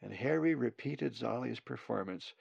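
A man reading a children's story aloud in an expressive, unhurried way. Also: mid-range voice, creaky, breathy edge, no echo, highs cut off.

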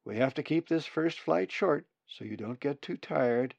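A man voicing a patient adult male raven who calmly and encouragingly teaches chicks to fly. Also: on the high side, normal speed, creaky, dry recording, muffled recording, voice pushed up. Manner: calm, encouraging, instructive.

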